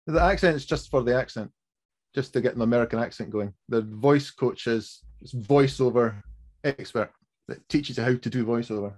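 Low-key man answering interview questions. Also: moderate pace, a little mellow. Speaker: guest, voice-over artist.

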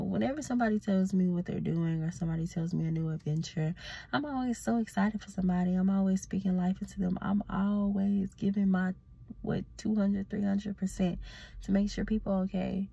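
A woman's voice: medium pitch, gravelly, a little mellow, slightly rough. A sleepy woman, ranting bluntly and profanely in a casual vlog as a self-reflection coach. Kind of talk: casual vlog talk to camera.

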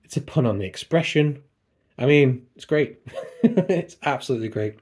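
A man's voice: mid-range voice, animated, moderate pace, a little mellow, breathy edge. A man chatting casually on a book vlog, wandering off on tangents and poking fun at himself, recorded at home by his computer. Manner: chatty, digressive, self-deprecating. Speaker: book vlogger. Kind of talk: casual chat.

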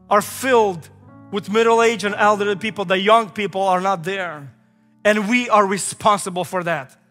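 A man's voice: sits high, pushed and bright. A male pastor in his thirties preaching a sermon, emphatic and repetitive, weaving in stories from his own family. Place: large church sanctuary. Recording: echoey hall with faint music.

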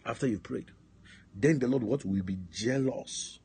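A man's voice: medium pitch, a little slow, dark tone. A man pastor preaching a sermon, emphatic, asking his listeners call-and-response questions. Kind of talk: sermon on a prayer line. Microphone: phone line.

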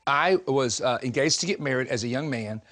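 A man from the southern United States preaching a sermon, telling stories in an animated, joking way and laughing often. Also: medium pitch, fairly quick. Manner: animated, humorous storytelling with frequent laughter.

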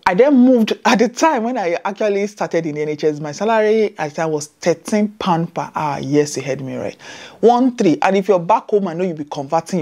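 A woman's voice: fairly low pitch, mellow. A woman in her thirties from Nigeria, speaking, chatting to viewers as a nurse vlogger and telling her story with emphatic asides. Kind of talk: casual vlog talk to camera. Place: Scotland.

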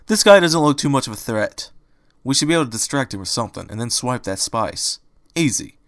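A man playing a streetwise male rabbit in a fan storybook reading, grumbling and impatient. His lines come out pushy and sarcastic, louder and punchier than the narration around them. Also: medium pitch, animated, brisk, no room sound, studio quality.

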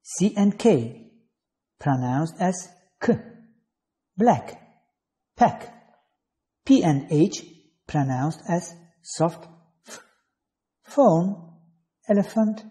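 A male English teacher works through a phonetics lesson, reading each letter and example word on its own. His delivery is very slow and deliberate, with a dark, mellow tone. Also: sits high, animated. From Azerbaijan. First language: Azerbaijani. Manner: slow, measured reading of letters and example words one at a time.

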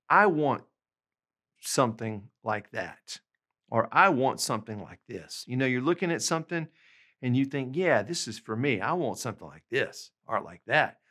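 A man teaching a language lesson, patiently explaining examples and slowing down to say the phrases clearly. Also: medium pitch, a bit bright. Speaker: language tutor.

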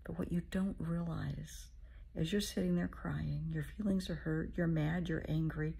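Speaking as a therapist in a motivational talk, a middle-aged woman addresses the listener as honey in a low, very gravelly, husky, breathy voice that frequently slips into a half-whisper. She keeps a warm tone, fairly even intonation, and a measured pace.

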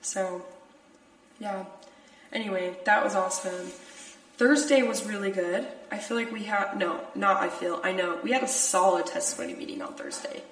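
A woman's voice: mid-range voice, normal speed. A young woman hosting a podcast, chatting casually and laughing often, with lots of filler words. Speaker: podcast host. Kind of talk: casual chat. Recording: echoey room, distant from mic.

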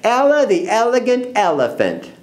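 A man voicing a young female elephant sidekick in a storybook, with a high, giggly, mocking delivery. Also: huge pitch swings, normal speed, darkish tone.

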